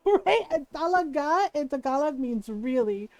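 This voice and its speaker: A high-voiced woman streamer tells a family story in a casual, animated way, laughing often and tossing in "right?". The sound is dry and close with no room echo. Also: a little slow. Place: home streaming setup.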